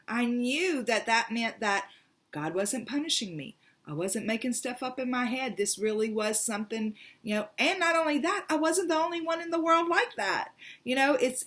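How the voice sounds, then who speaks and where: A woman hosting a tarot channel, telling a personal story in a rambling, animated way and acting out the voices she quotes. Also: on the high side.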